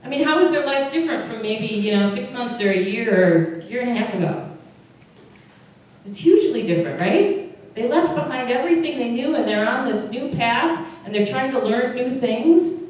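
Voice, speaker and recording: A woman's voice: fairly high pitch, animated, moderate pace, a little mellow, a little hiss or hum. Chatty woman pastor in an echoey hall. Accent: Upper Midwest American. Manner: chatty, asks the congregation questions. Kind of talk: conversational sermon with audience questions. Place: church service room. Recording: very echoey room, voice from far off.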